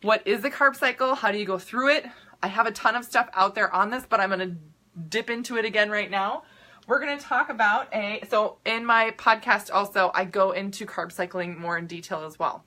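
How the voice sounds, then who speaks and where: Talking briskly to her live-stream audience, this upbeat young woman, a health coach and podcast host from the Minnesota-accent mold, keeps restarting and saying um. Her medium-pitched voice comes across pushed and bright.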